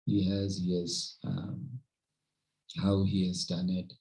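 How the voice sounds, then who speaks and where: A man leads a devotional reading at a home gathering. His voice sits fairly low, and he tells the stories with animation, acting out the characters as he goes. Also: completely flat delivery, slow, creaky, dark tone, low-quality recording. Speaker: spiritual teacher. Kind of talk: devotional storytelling talk.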